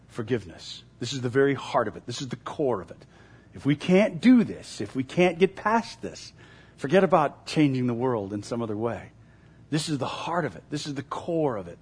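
A man's voice: a little high, darkish tone, husky. A male pastor preaching a sermon in an earnest, emphatic way, repeating key phrases.

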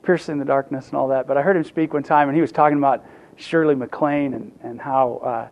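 A man's voice: mid-range voice, brisk, vocal fry, muffled recording. A man preaching a sermon, telling stories with humor and often restarting his sentences. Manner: lively storytelling with humor and restarts. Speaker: pastor.

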